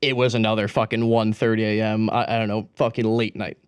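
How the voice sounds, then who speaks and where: A man's voice: fairly low pitch, little pitch movement, fairly quick, clear, resonant tone, no room sound. A young man co-hosting a podcast, telling stories in a rambling, profane way, full of slang and laughter. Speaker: podcast co-host. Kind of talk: casual podcast storytelling.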